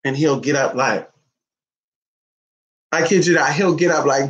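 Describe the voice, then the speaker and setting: A man's voice: fairly high pitch, measured pace, pauses often, a bit bright. Sassy man chatting on a lo-fi vlog. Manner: playful, sassy, coos at his pet in baby talk. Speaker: vlogger. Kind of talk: casual vlog talk to viewers and his dog. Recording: dull lo-fi sound.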